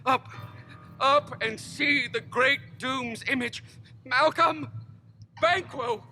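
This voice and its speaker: A man's voice: very high-pitched, slow pace, bright, forceful tone, soft background music, exaggerated voice. An actor playing a nobleman who cries out in horror, in declaiming Shakespearean stage style. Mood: horrified alarm. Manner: declaiming, crying out at full voice. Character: nobleman crying out in horror at a murder.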